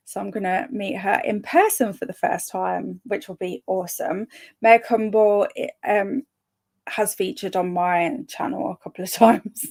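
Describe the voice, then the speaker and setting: Hosting a reading-sprint livestream, this young woman has a mid-range, gravelly, somewhat dark voice that stays steady and unhurried. She's bubbly and laughs a lot while chatting and reading viewers' comments aloud, stumbling over words now and then.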